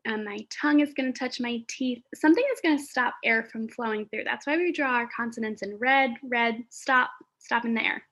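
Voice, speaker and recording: A woman's voice: on the high side, a bit bright. A woman teaching a phonics lesson to young children, sounding out letters and words with careful enunciation and thinking aloud as she goes. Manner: thinks aloud with pauses and fillers.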